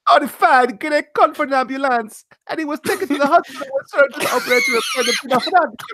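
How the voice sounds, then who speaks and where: Excitable video-game Italian plumber, loud and squeaky, as a podcast host puts him on. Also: male voice, fast talker, very noisy. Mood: shouty, incredulous. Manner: high-pitched, shouty and exaggerated.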